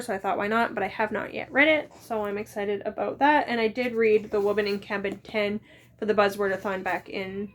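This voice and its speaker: A woman in her thirties chatting casually as a book vlogger, rambling with quick asides. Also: mid-range voice. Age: 30s. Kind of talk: casual chat.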